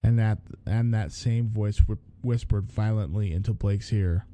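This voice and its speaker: Dark-voiced man reading a story aloud. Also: lowish voice, fairly even intonation, unhurried, no echo. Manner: restarts lines, comments on the text. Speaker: podcast host reading a story. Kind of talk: story reading with casual asides.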